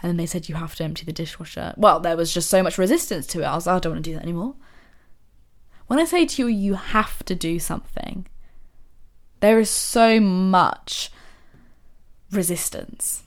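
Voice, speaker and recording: A woman hosting a podcast, talking to listeners in a casual motivational monologue full of rhetorical questions and soft asides. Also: fairly low pitch, expressive, quick pace. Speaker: podcast host.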